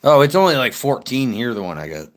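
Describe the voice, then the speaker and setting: A man's voice: mid-range voice, sing-song, quick pace. A young man, chatting bluntly and profanely as he answers his livestream comments. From United States. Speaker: live streamer. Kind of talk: casual livestream chat reading comments.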